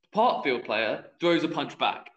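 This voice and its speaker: Young man, bright tense voice, animated anecdote, echoey dull room. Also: mid-range voice, measured pace. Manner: animated storyteller acting out quoted voices. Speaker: youth football referee and podcast co-host. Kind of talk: casual storytelling chat.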